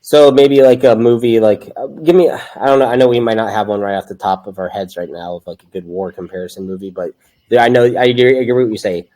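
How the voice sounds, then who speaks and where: A man's voice: medium pitch, quick pace, dark tone. Rambling young man reviewing a film. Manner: rambling, upbeat, laughs easily. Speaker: podcast co-host. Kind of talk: casual film-review chat.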